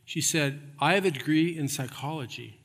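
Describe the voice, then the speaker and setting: Lively man preaching in a big echoing church. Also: fairly high pitch, moderate pace. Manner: storytelling with humor, rising to emphatic preaching. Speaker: pastor. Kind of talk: sermon. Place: church sanctuary.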